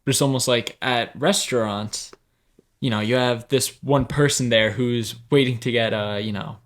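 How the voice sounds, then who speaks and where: A man's voice: medium pitch, fairly even intonation, moderate pace. A man on a faith podcast panel who hesitates and stumbles, building an extended analogy to make his point. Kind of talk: casual faith discussion.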